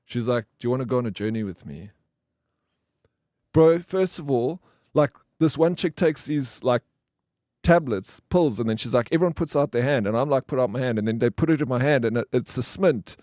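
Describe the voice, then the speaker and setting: A man's voice: mid-range voice, normal speed, dry recording, studio quality. A man chatting on a live game stream, telling stories casually with slang and swearing, acting out the people in them. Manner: animated storyteller acting out quoted people.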